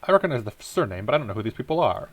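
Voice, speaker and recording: A man's voice: mid-range voice, big pitch swings, rapid-fire, soft background music. A man voicing a lawyer while reading game dialogue aloud, in a plain, slightly raised delivery. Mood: puzzled.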